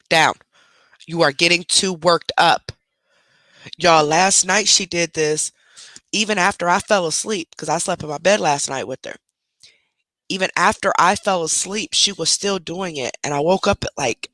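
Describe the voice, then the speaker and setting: A woman's voice: on the low side, pushed and bright, no room sound. A middle-aged woman chatting casually on a home live stream, talking to her viewers and breaking off to scold her dog. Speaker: livestream host. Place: at home, indoors. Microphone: desk microphone close up.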